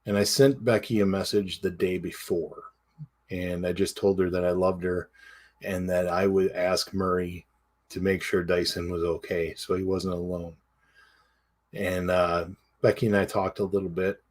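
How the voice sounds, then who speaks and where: Male podcast co-host, lowish voice, casual and halting, full of fillers. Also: level tone, a little mellow. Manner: halting, many fillers and restarts. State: tearful. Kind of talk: casual chat.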